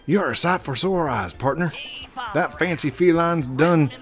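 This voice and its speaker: A man's voice: on the high side, measured pace, music in the background, voice pushed up, natural voice. Man putting on a hearty cowboy from a game, folksy and friendly.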